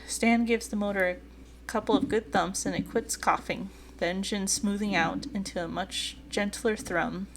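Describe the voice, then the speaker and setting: A woman's voice: medium pitch, fairly even intonation, moderate pace, a little hiss or hum. A woman streamer reading a dating game aloud, giggling and gushing in her asides.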